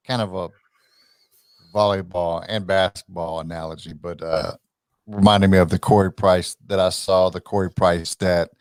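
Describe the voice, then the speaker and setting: A man's voice: low voice, darkish tone, no echo, clean studio sound. A man co-hosting a sports podcast, agreeable and often laughing in casual chat. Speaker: podcast co-host.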